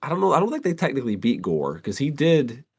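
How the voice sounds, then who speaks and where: A man's voice: medium pitch, very animated, fast, husky. A man in casual conversation about a movie, laid-back and agreeable.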